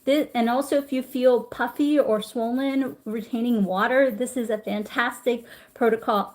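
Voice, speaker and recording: A middle-aged woman teaching acupressure on a live stream, chatty and warm, stopping to greet viewers. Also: fairly high pitch. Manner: warm, chatty, reads viewer comments aloud. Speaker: acupressure instructor. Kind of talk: live-streamed health lesson.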